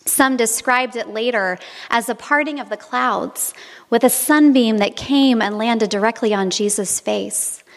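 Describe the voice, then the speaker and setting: Speaking a little slowly in a slightly high voice, a woman preacher tells reflective stories during a sermon. She is in a large hall at a monastery.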